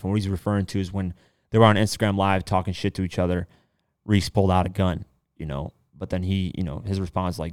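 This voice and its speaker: A man's voice: deep voice, steady tone, a little fast, darkish tone, clear, resonant tone, no room sound, clean studio sound. A man hosting a podcast alone, talking loosely and rambling, with casual swearing. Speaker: podcast host. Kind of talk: casual solo commentary.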